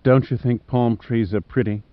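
A male narrator voicing a weary, hopeful Australian woman adrift at sea, speaking softly and dreamily. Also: medium pitch, fairly even intonation, moderate pace, dry recording, lightly acted. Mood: dreamy. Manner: soft, dreamy, then eager. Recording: slightly muffled dry studio.

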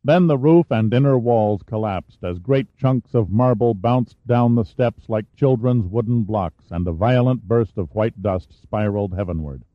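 A man reading a thriller audiobook in a steady, measured narration. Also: fairly low pitch, no room sound. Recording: dull dry studio recording.

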